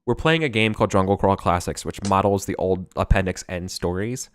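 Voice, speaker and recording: A man's voice: low-pitched, brisk, a little hiss or hum. A man as game master, talking casually and rambling, swearing freely. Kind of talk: running a tabletop game.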